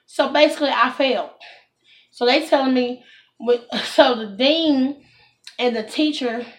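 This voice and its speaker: A woman with a drawl tells a casual storytime straight to camera, her voice sitting a little high. She talks in an animated, indignant way and keeps turning to her viewers. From Texas. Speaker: vlogger.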